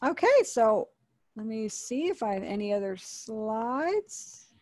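A woman's voice: on the high side, sing-song, takes it slowly, darkish tone, no room sound. A woman teaching an online sign language class, patiently explaining and repeating each word.

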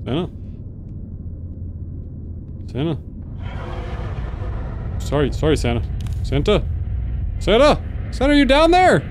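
High, lively man reacting to a horror game. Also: slow, pauses often, noisy background. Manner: jumpy, yelps and laughs at scares, then mutters low. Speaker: gaming video host. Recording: faint game music behind.

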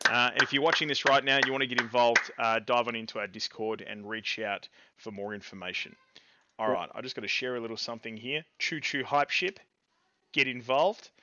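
An Australian man co-hosting a live-streamed gaming podcast, chatting casually in an excitable, rambling way with bits of slang. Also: medium pitch, fairly quick, dull audio, slight background noise. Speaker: podcast co-host.

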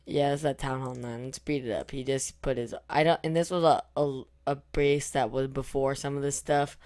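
A young man talks through his own gameplay in a loose, excitable way, drifting into mumbles and then shouting with delight. His voice is hoarse but still smooth and clear, at a middling pitch. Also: moderate pace. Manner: excitable, swings from mumbling to loud cheering. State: losing his voice. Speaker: gaming YouTuber. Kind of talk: casual gameplay commentary.

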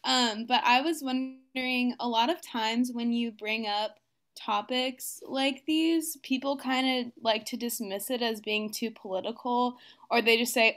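A woman's voice: on the high side, fairly even intonation, a little slow, fairly bright tone. A young woman asking the speaker a polite, somewhat hesitant question. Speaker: audience questioner.

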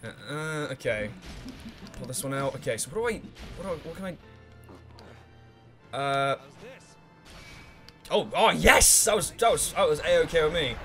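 A man commentating his own gameplay in a let's play, excitable and swearing freely, humming to himself while he thinks and shouting at the game characters. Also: a little high.

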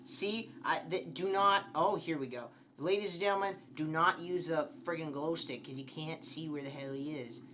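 A man's voice: a little high, moderate pace, hardly any pauses, noisy background. A young man giving commentary on a horror game, swearing often and shrieking when scared. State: slightly sick. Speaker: gameplay streamer.

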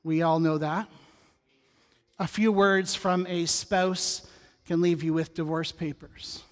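A middle-aged pastor with a voice on the high side preaches slowly and with fairly even intonation. His conversational sermon mixes scripture with humorous asides and a personal story, echoing through the long reverb of the church sanctuary.

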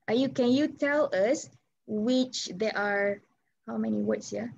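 Teaching an English class by video call, a Malaysian-accented woman speaks slowly in a slightly high voice that's gravelly and breathy. She alternates between Malay and English and asks students questions in an encouraging way. The audio comes through slightly muffled.

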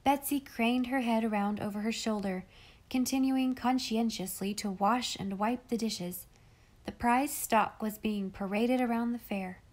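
A woman reading a classic children's novel aloud in clear, measured storytelling. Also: a little high, darkish tone. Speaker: audiobook reader.

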